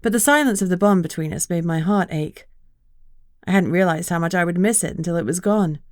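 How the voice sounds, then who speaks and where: A woman narrating a first-person fantasy audiobook in an even, measured storytelling manner. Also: on the low side, no room sound, studio quality.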